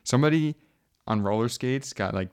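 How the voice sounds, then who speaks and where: A young American man co-hosting a podcast, chatting casually in a relaxed, rambling way full of "like". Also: mid-range voice, moderate pace, smooth. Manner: relaxed, rambling, heavy use of "like". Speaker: podcast co-host. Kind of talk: casual chat.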